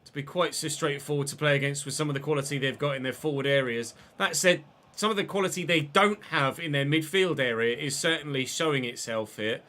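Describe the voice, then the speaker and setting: Excitable man with a bright voice. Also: fairly high pitch, a little fast, few pauses. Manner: excitable, swears freely, talks to chat. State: unwell, coughing. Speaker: game streamer. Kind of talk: live gameplay commentary and casual chat.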